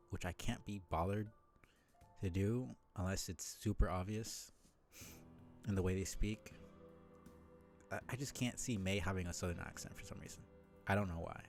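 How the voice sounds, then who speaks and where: A man's voice: low voice, darkish tone. A man streaming a game live, chatting in a rambling, self-deprecating way with lots of fillers.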